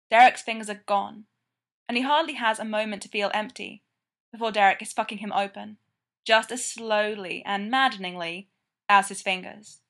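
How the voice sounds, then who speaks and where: A woman reading a story aloud, narrating in a slow, measured way. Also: medium pitch, gravelly, fairly bright tone. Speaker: reader of fan fiction.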